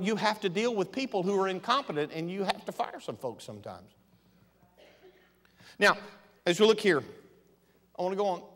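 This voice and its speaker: Pastor, male, high voice; sermon delivery, shifts from quiet asides to emphatic preaching; long church echo. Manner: swings from soft conversational asides to loud emphatic preaching. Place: large church sanctuary.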